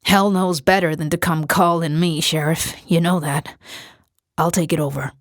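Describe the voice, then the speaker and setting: A woman's voice: sits low, steady tone, moderate pace, no echo, studio quality, close to an everyday voice. A woman doing a brash tough hunter. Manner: blunt, brash. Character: gruff tough male hunter, scoffing.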